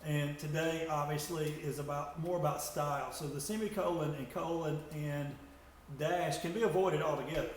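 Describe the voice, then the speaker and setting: A male teacher giving a grammar lesson to students, talking in a halting way and often repeating words as he explains. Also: on the high side, fairly even intonation. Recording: echoey room from far off, faint noise.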